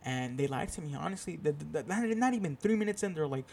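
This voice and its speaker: A man's voice: on the high side, lively intonation, quick pace, gravelly, darkish tone, a little hiss or hum. A young man hosting his own podcast, telling a rambling, profane, self-deprecating story in a casual solo chat. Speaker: podcast host.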